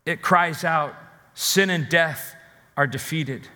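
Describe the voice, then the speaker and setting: High, bright-voiced preaching man. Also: in a large hall. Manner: preaching with swells of emphasis and dramatic pauses. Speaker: pastor. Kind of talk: sermon.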